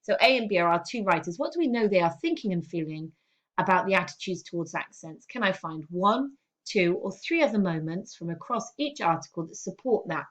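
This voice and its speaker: Woman, English teacher, recorded lesson, steady explanatory delivery. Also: lowish voice, brisk, dull audio. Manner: explanatory, steady, repeats "okay" to check in.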